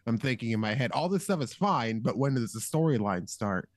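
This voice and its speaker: A man's voice: mid-range voice, fairly quick, few pauses, dry recording. Casting note: man, mid voice, playful, acts out quotes, casual movie chat, dry close mic. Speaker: podcast co-host.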